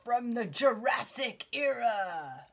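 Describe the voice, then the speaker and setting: A young adult woman teaching an English lesson online to a child, slow and encouraging, with lots of praise. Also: on the high side, big pitch swings, gravelly.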